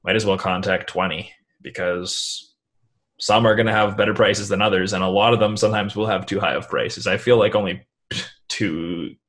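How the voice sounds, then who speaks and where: A man's voice: on the low side, moderate pace. A man, a guest talking casually in an interview, rambling with lots of fillers. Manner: relaxed, rambling, many "like" fillers. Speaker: guest, online seller.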